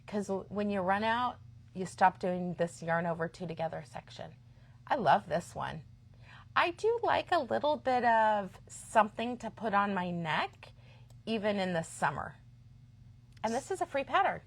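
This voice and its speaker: A woman in her fifties hosts a yarn shop live stream with an easy, enthusiastic chattiness. Her voice sits at an ordinary middle pitch, and she often slips into quieter asides as she goes. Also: big pitch swings, normal speed, creaky. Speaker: shop host. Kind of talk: live-stream product chat.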